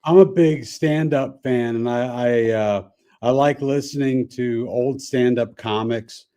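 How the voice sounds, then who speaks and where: A man's voice: mid-range voice, a little slow, dark tone. Easygoing male sports radio guest. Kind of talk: casual sports radio chat.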